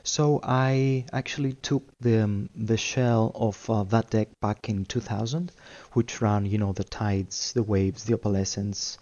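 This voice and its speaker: A man's voice: fairly low pitch, fairly even intonation, a little slow, few pauses, warm tone, lo-fi sound. A man talking as a podcast guest in a casual chat, hesitant and full of fillers.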